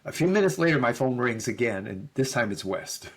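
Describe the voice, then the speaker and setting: A man's voice: mid-range voice, expressive, a little fast, husky. A middle-aged man, a podcast guest, telling a story in conversation and acting out both sides of the dialogue.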